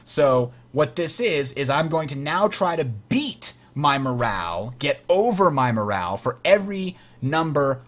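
A man's voice: fairly high pitch, big pitch swings, a little slow, few pauses, fairly bright tone. A man hosting a game tutorial, explaining rules step by step while playing, correcting himself with frequent fillers. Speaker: host teaching a board game.

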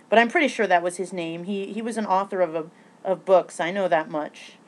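A woman vlogging casually, rambling with many restarts and fillers, breaking into excitable bursts and swearing now and then. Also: lowish voice, normal speed.

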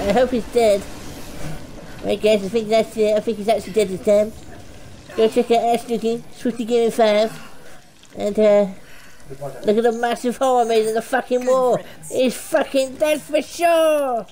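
Woman let's play host, high voice, crude, excitable, constant cursing. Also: normal speed, rough recording. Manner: foul-mouthed, yelling insults at the game; excitable, frequent panicked outbursts. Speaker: gaming channel host.

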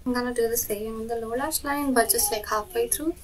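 A young woman telling a rambling story time while doing her makeup, full of "like" and lively retelling. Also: on the high side, quick pace, distant mic, low-quality recording. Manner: rambling, lots of "like", animated retelling. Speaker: beauty vlogger.

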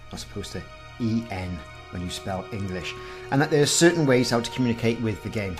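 A man in his forties hosting a casual game walkthrough, reading the game's text aloud with wry asides. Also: mid-range voice. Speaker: gaming channel host.

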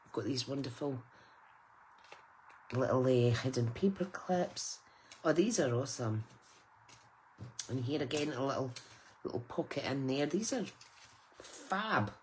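A woman's voice: extremely low pitch, animated, unhurried, pauses often, a little mellow, a little hiss or hum, poor audio. Gushing woman opening gifts. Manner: gushing, exclaiming with delight. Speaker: craft channel host. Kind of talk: casual unboxing chat.

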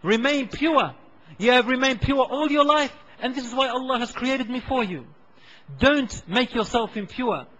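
A male preacher voicing a pure young heavenly maiden who gently but firmly tells her suitor to wait. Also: very high-pitched, moderate pace, big-room sound, muffled recording, voice pushed up.

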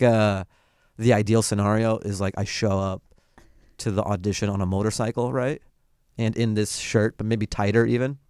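A man's voice: fairly low pitch, darkish tone, no room sound, studio quality. A man guesting on a podcast as a comedian, telling stories in a laid-back way and acting out quotes. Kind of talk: casual podcast chat.

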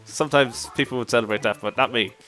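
A man giving casual commentary over his own gameplay, excitable, often exclaiming and laughing at his mishaps. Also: medium pitch, quick pace. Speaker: let's play commentator.

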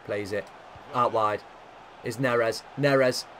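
Excitable man commentating a game. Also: mid-range voice, slow, a little hiss or hum. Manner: shouts and cheers at big moments, chatty and cheeky. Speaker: gaming commentator.

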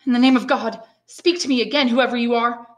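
A woman's voice: fairly high pitch, fairly quick, a bit bright, pitched above the performer's own voice, close to an everyday voice. Woman reading as a pleading young prisoner. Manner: earnest, emotional pleading. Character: desperate young male prisoner, pleading and fervent.

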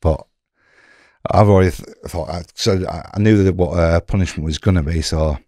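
Casual: guy with a low dark voice, rambly and sweary, dry close mic. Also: fast talker, no room sound. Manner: rambling, swears freely, restarts. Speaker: guest, former prisoner. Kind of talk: casual storytelling.

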